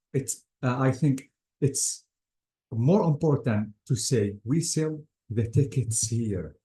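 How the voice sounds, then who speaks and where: A man with a warm, medium-pitched voice teaches an English grammar lecture to a class, often repeating words and calling the students "guys." The recording carries a roomy classroom echo.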